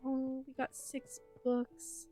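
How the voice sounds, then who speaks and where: A woman's voice: high-pitched, completely flat delivery, takes it slowly, dark tone, soft background music. A young woman streaming a game, chatting casually to viewers in a gushing, emotional way with lots of fillers, close on a desk microphone. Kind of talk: casual livestream chat while playing.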